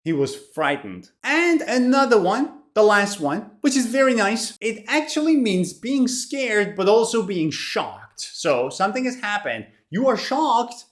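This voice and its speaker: A woman with a medium-pitched, animated voice that swings widely up and down teaches English vocabulary. She talks clearly and deliberately, repeating every new word so learners can echo it.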